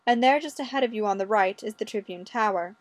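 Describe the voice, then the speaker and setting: A woman voicing a polite, patient male Canadian Mountie who speaks courteously and gently pleads. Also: medium pitch, fast, no echo, close to an everyday voice.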